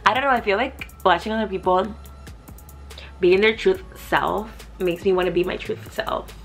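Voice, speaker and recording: A young woman vlogging in a loose, chatty way, swearing freely and thinking out loud. Her voice has a gravelly, fried edge at a middle pitch. Faint music plays softly behind her. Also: normal speed. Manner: profane, chatty, thinking aloud. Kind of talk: casual vlog chat.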